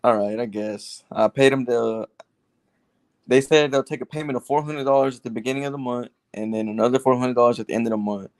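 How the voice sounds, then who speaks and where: A man's voice: medium pitch, steady tone, fast talker, no echo. A man calling in for advice, telling a long story with many restarts. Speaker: caller seeking advice. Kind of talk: casual phone conversation.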